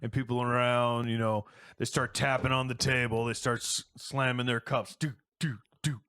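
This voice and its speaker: A man's voice: medium pitch, normal speed, smooth. A man running a tabletop role-playing game, narrating scenes loosely with lots of fillers. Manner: relaxed, filler-heavy narration. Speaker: game master.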